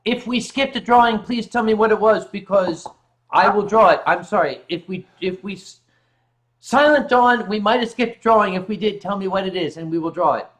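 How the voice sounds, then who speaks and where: A man's voice: high voice, moderate pace, fairly bright tone. Playful, swearing male livestream host. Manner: playful, joking, swears freely. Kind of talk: casual late-night livestream chat. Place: home sofa.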